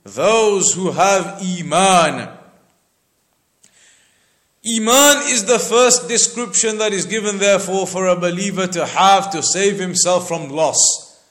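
A man giving a slow, deliberate religious lecture that explains scripture verse by verse and repeats points for emphasis. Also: high voice, fairly bright tone. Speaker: Islamic teacher.

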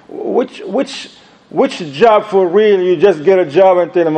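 Animated man preaching, Arabic phrases mixed in. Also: high-pitched, moderate pace, rough recording. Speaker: Islamic preacher. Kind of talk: lecture answering questions.

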